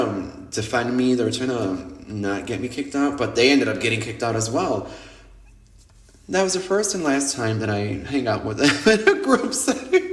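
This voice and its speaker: A man hosting a podcast, telling nightlife stories in a lively, casual monologue that is full of swearing, and acting out what other people said. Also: mid-range voice. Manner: animated, swears freely, acts out quoted people. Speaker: podcast host. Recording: roomy echo.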